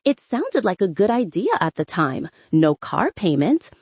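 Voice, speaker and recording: A woman narrating an audiobook in an expressive, wry first-person voice. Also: mid-range voice, measured pace, husky, no room sound.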